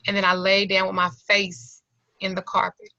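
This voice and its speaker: A woman's voice: medium pitch, monotone, moderate pace, creaky, bright, forceful tone, no room sound. A middle-aged woman, close to tears, teaching an occult class over a video call and giving a candid, colloquial personal testimony. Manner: candid, colloquial, earnest storytelling. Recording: slightly lo-fi video call audio.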